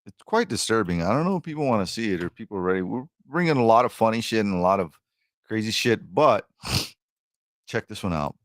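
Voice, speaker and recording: Lässiger Podcast-Host, lebhafte Männerstimme. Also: male voice, fairly low pitch, expressive, fairly quick, dry recording, studio quality. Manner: laughing, slangy, says "bro". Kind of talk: casual chat.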